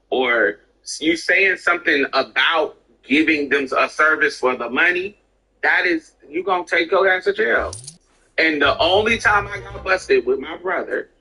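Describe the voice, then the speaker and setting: A woman's voice: deep voice, sharp tone, slightly rough, rough recording. A woman streamer chatting bluntly and profanely while gaming, acting out the voices she quotes. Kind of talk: casual chat while gaming.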